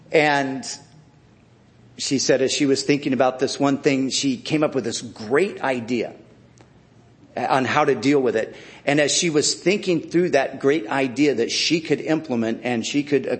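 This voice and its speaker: Male preacher, sermon, unhurried delivery, mid-pitched voice, reflective restarts. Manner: slow, deliberate, with frequent restarts.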